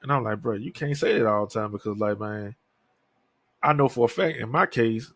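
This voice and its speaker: A man's voice: mid-range voice, normal speed, no echo. Candid, cursing man in his thirties. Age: 30s. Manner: candid, profane, rambling. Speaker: podcast host. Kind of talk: casual solo monologue.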